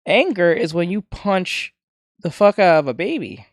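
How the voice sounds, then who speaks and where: Brief: animated streamer, rambling casual commentary, dry close sound. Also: medium pitch, unhurried, no room sound. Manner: laughing, rambling reactions.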